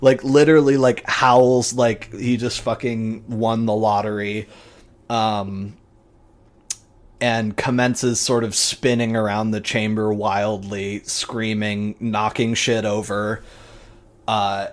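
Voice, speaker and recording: A man's voice: fairly low pitch, little pitch movement, slow pace. A man narrating as game master, casual and vivid, with frequent swearing and fillers.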